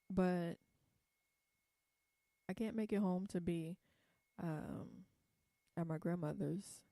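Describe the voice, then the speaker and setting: A woman's voice: on the low side, warm tone, no echo, studio quality. A young woman from California talking casually in a vlog, blunt and profane, rambling with many fillers. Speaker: vlogger.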